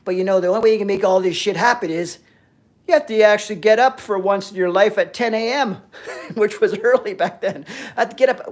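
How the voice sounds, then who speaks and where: A man on a fitness livestream, ranting about discipline and swearing freely, swinging between loud emphasis and low-key talk. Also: normal speed. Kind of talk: ranting motivational live chat.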